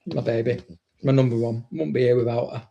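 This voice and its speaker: A man's voice: medium pitch, steady tone, fairly quick, vocal fry, mellow, highs cut off. A man, a dog trainer, chatting casually, blunt and swearing freely. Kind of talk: casual chat.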